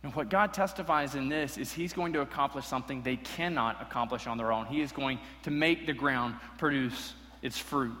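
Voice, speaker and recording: A man's voice: medium pitch, moderate pace, hardly any pauses, pushed and bright. A man preaching a sermon as pastor, earnest and emphatic, repeating key lines for weight. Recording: long hall reverb.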